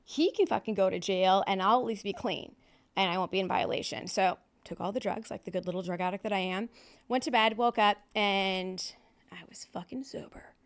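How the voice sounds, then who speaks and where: A woman in her thirties tells her own story plainly and bluntly, her voice sitting at a middle pitch. She talks in a loose, conversational way, full of fillers and frank asides, and never softens the hard parts. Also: brisk. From Southern California. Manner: candid, blunt storytelling with frequent swearing and fillers. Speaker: podcast guest. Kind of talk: personal recovery story.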